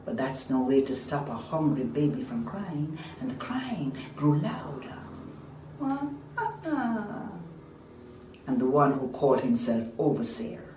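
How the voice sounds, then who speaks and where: A woman telling a folk tale on a live stage, swinging from hushed whispers to loud cries. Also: rumbling low, a little hiss or hum. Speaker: storyteller. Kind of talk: dramatic live folk storytelling. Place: live performance venue. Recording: roomy live stage sound from far off.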